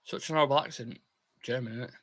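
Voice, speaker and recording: A man's voice: medium pitch, fast. A young man hosting a live football watchalong, chatting casually, reading out viewer comments and cheering on his team. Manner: chatty, reads viewer comments aloud, excitable bursts. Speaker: fan channel host.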